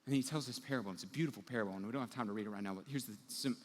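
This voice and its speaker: Before a live crowd in a big hall, a pastor of medium pitch races through a sermon told as a casual story. He performs the people in it himself, and the recording carries a long, large-hall reverb.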